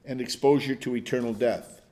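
A man's voice: mid-range voice, fairly even intonation, moderate pace, warm tone. An older man leading a Bible study, telling stories in a rambling, chuckling way with many restarts. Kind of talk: conversational Bible teaching.

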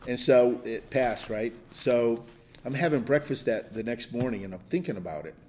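A man's voice: medium pitch, normal speed, darkish tone, a little hiss or hum. An older man leading a Bible study, telling stories in a rambling, chuckling way with many restarts. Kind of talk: conversational Bible teaching.

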